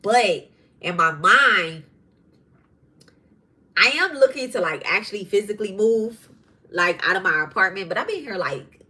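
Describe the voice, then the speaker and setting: A woman hosting a spiritual podcast who tells stories in a casual, animated way, swearing freely. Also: medium pitch, a little slow, pauses often. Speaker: podcast host and tarot reader. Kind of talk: casual storytelling monologue.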